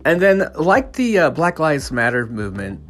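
A man's voice: on the high side, sing-song, normal speed, a bit bright, soft background music. A man ranting casually as a podcast host, swearing and stumbling over restarts and fillers. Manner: profane, stammering restarts and fillers. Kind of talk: casual opinion rant.

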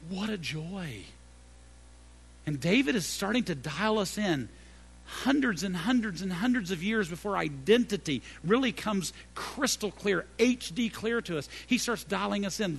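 A middle-aged pastor delivers a sermon in a high, gravelly voice. His pitch leaps and falls widely, from loud emphatic peaks down to hushed, low phrases. He repeats key phrases again and again to drive them home. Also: expressive, unhurried.

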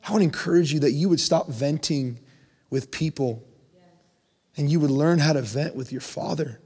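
A young man preaching a conversational sermon, his voice climbing in pitch when he presses a point. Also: normal speed, a little mellow, breathy edge. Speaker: pastor. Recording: long hall reverb.

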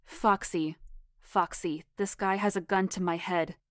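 A woman voicing a frightened young man who begs desperately for his life in a spoken story, at a slow pace. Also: fairly low pitch, fairly even intonation, no room sound, clean studio sound, natural voice. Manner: pleading, desperate.

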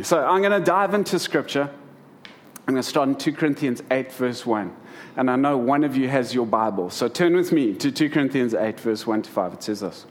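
A man's voice: on the high side, expressive, fairly quick. A middle-aged man preaching to a congregation, telling humorous stories about family life. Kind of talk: sermon.

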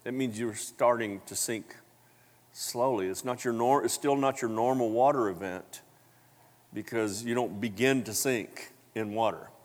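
A man preaching a sermon, telling the story with animated acted-out voices and big jumps in pitch, coughing now and then. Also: measured pace. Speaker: pastor. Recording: long hall reverb.

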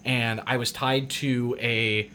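A man's voice: medium pitch, slow, a little hiss or hum. A male actor telling a funny story in casual conversation, laughing often as he talks. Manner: laughs often, lively anecdote.

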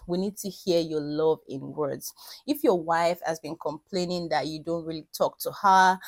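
A woman hosting an advice talk who teases gently, repeats phrases for emphasis and laughs at her own jokes. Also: lowish voice, no echo. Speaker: podcast host giving marriage advice. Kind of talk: conversational faith-based advice talk.

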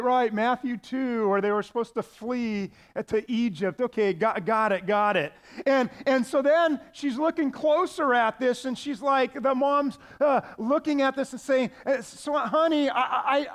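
A man with a very high voice preaching a sermon. He talks in a casual, folksy way and drops in playful asides to his congregation. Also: a little slow, hardly any pauses. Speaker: pastor.

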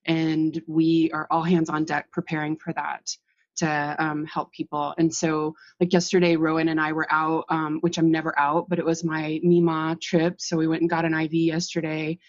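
A woman's voice: low voice, monotone, normal speed. A woman therapist co-hosting a casual chat, rambling with many fillers. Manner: rambling, filler-heavy, laughs often. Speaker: therapist, podcast co-host. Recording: dull, muffled sound.

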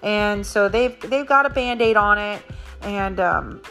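A woman martial arts instructor talks through an injury protocol step by step, earnest and explanatory. Her voice sits at a middle pitch. Faint music plays behind her. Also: a little slow, fairly bright tone.

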